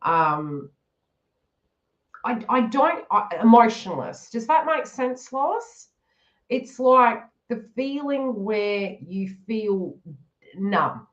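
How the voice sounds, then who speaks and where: Lively woman giving a chatty tarot reading. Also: on the high side, extremely slow, highs cut off. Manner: chatty, giggly, acts out the listener's inner thoughts. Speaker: tarot reader. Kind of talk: live-stream psychic reading.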